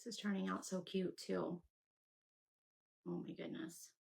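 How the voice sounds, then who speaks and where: A woman's voice: lowish voice, flat delivery, a little slow, gravelly, darkish tone, a little hiss or hum. A woman hosting a casual crafting livestream, chatting away and thinking aloud as she works and answers her viewers. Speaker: craft channel host.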